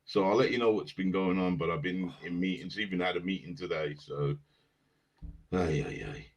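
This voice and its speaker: A man's voice: low-pitched, normal speed. A man co-hosting a live stream, chatting loosely and greeting viewers by name. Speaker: podcast co-host. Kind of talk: casual live-stream chat.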